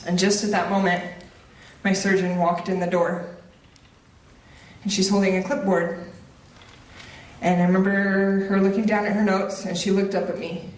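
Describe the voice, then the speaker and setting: A woman's voice: medium pitch, little pitch movement, normal speed, pauses often, distant mic. A woman giving a motivational speech, telling a personal story with humor and direct lines. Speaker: motivational speaker. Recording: roomy echo, voice off mic.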